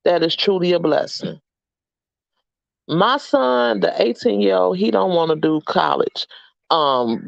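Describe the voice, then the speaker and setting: A woman's voice: fairly low pitch, vocal fry, no echo, highs cut off. A middle-aged woman hosting a casual livestream chat, upbeat and encouraging as she reads out names from the chat. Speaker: livestream host.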